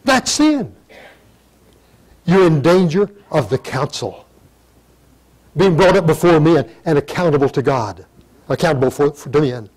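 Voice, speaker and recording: An older man giving a sermon, reading scripture in old-fashioned wording and breaking into sudden loud emphatic rises. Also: medium pitch, expressive, unhurried, long pauses, rough recording. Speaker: pastor.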